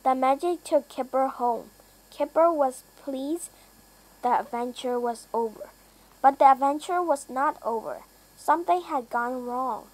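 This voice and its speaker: A woman reading a children's storybook aloud, careful and deliberate. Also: high-pitched, poor audio. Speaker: reader.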